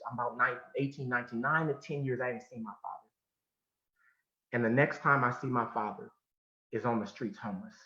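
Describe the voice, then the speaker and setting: A man from California giving a motivational talk, telling a personal story with emphasis and sudden drops to a hush. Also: medium pitch. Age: adult. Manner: emphatic, swinging from loud to hushed, repeats phrases. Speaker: motivational speaker. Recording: muffled sound in an echoey room.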